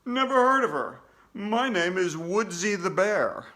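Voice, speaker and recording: A man voicing a bossy firefighter woman dressed as a talking bear, loud and commanding in a read-aloud storybook. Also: sits high, expressive, a little slow, pitched above the performer's own voice, full character voice. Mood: insistent.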